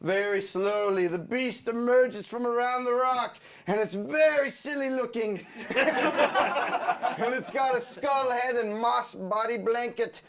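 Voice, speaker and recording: A man narrating an animated story pitch, laughing often and acting out sound effects. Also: a little slow, a little hiss or hum.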